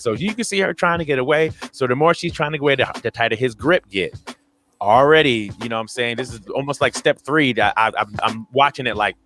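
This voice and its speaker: A man's voice: a little fast, slight background noise. A man co-hosting a podcast, telling a story casually and acting out the people in it with big jumps in his voice. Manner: animated retelling, acts out quoted voices with big pitch jumps. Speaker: podcast co-host.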